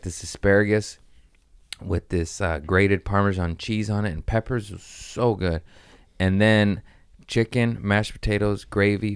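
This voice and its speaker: Low smooth-voiced man telling stories. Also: dry recording, clean studio sound. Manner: loose storytelling with swearing and playful voices. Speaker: comedian podcast host. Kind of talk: casual chat.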